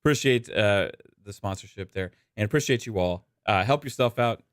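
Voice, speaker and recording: A man's voice: lowish voice, normal speed, clean tone, no room sound, clean studio sound. Laid-back man from Texas hosting a podcast. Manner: laid-back, filler-heavy. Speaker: podcast host. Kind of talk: casual chat.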